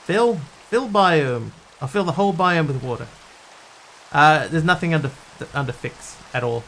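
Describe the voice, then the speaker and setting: A man streaming a building game, talking through what he does and answering questions from viewers in a relaxed, casual way. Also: a little high, moderate pace, slight background noise. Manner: thinks aloud while building, answering viewers' chat.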